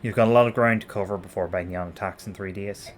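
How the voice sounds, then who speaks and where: A man's voice: lowish voice, steady tone, fast, pitched below the performer's own voice, natural voice. A man voicing a blunt young mercenary commander with a plain, questioning delivery. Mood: concerned.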